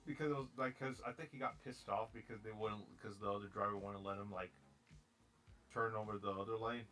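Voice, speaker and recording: A young man co-hosting a casual podcast, telling a story in halting bursts with repeated words and restarts. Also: fairly low pitch, steady tone, bright, forceful tone. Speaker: co-host.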